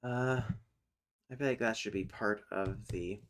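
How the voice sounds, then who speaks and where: A man's voice: fairly low pitch, steady tone. A man streaming live, chatting casually and thinking aloud as he explains language topics. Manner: thinks aloud, pauses and restarts, sudden loud calls to his cat. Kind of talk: casual livestream chat and explanation.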